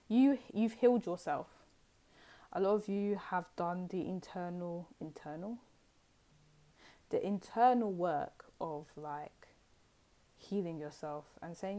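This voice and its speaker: A woman's voice: on the low side, unhurried, mellow. A woman giving a casual pick-a-card tarot reading, chatty and rambling, with many fillers and asides.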